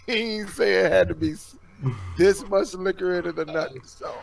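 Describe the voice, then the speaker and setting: High, gravelly man joking around. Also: steady tone, moderate pace. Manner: laid-back, laughing, colloquial. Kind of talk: casual live stream chat.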